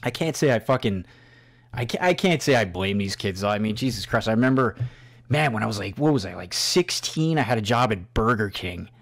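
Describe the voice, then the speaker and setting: A man's voice: lowish voice, lively intonation, a little fast, gravelly. Middle-aged male podcast host, profane and rambling, casual storyteller. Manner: profane, storytelling, swears constantly.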